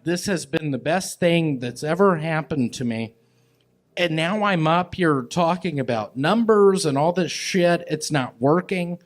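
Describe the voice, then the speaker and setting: A man doing rambling, absurd stand-up and banter on a comedy club stage with a handheld mic. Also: a little high. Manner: drawling, rambling and absurd, slow and halting. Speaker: stand-up comic guest.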